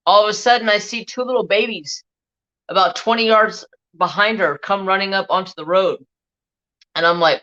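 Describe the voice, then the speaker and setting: Man, livestream host, casual storytelling, animated and profane, bright tense voice, dull lo-fi audio. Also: sits high, moderate pace. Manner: animated, profane, rambling anecdote. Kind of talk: casual live-stream storytelling.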